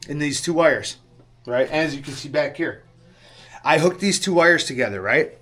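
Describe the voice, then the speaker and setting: A man tells a story in a fairly high voice with lively intonation, a moderate pace and a fairly bright tone. He rambles casually, swears a lot and keeps asking "right?", sounding sheepish and rueful.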